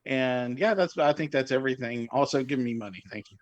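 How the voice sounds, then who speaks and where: A man guesting on a podcast in casual chat, with quick joking asides. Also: mid-range voice, dry recording, dull audio.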